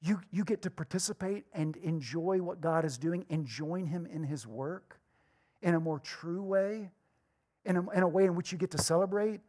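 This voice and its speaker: A woman preaching a conversational sermon, animated and full of rhetorical questions. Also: fairly low pitch, normal speed.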